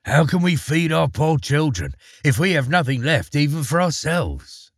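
A poor, careworn woodcutter father from a storybook, pleading and anguished, voiced by a male reader in a somewhat raised register. The voice is a little husky and close. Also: a little high, sing-song, normal speed, no echo, pitched above the performer's own voice, full character voice. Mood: worried. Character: poor worried woodcutter father, gentle man.

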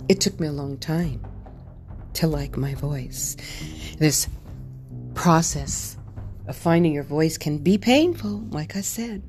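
A woman hosting her own podcast as an evangelist, talking about learning to like her voice, with a loud laugh and lively retellings of what others told her. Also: low voice, takes it slowly, pauses often, faint music behind. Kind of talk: personal podcast talk.

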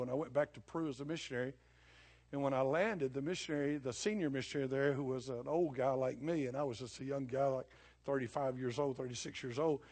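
Preaching with passion, a middle-aged man who is a pastor alternates booming proclamations with quiet, murmured asides.

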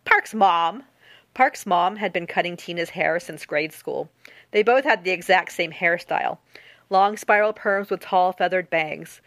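A woman narrating a novel in a steady audiobook reading. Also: lowish voice, moderate pace, no echo. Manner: even, steady storytelling.

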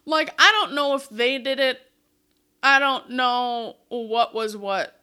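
Woman co-host, higher voice, bright tone, animated storytelling, casual chat. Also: slow, smooth. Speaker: podcast co-host. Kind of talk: casual chat recapping a musical.

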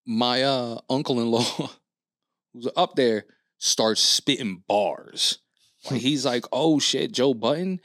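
A man's voice: mid-range voice, takes it slowly, no room sound, studio quality. A man co-hosting a podcast, telling a long story in casual chat, acting out quotes and cursing freely. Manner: animated storyteller, acts out quotes, frequent swearing and fillers. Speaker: podcast co-host.

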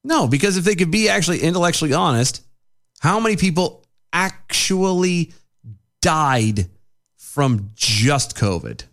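A man's voice: on the high side, lively intonation, measured pace, fairly bright tone. A man co-hosting a casual podcast, reading news quotes aloud and ranting in exasperation. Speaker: podcast co-host.

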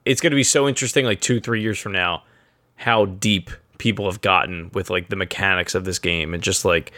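A man's voice: low-pitched, fairly even intonation, brisk, bright, forceful tone, no echo. A man co-hosting a casual gaming podcast, talking in a laid-back, hesitant way. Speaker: podcast co-host.

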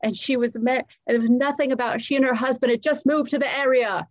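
A woman's voice: high-pitched, fairly even intonation, quick pace, no room sound. Southern-ish woman from south carolina, rambling and swearing, lots of like, muffled dry audio. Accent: light Southern US. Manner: chatty, swears, lots of "like" and restarts. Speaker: comedian guest. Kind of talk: casual podcast storytelling.

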